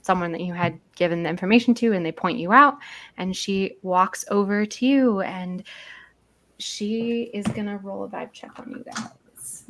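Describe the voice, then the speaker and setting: A woman runs a tabletop game, describing the scene in loose, casual narration. Her voice sits at a middling pitch, and she pauses to think aloud between phrases. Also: fairly bright tone. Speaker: game master.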